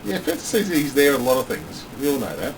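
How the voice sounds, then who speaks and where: A man at a tabletop game jokes and argues with the game master in his own voice. He sounds distant from the mic, with clear noise behind him. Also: mid-range voice, very animated, quick pace. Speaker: player. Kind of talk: casual tabletop play.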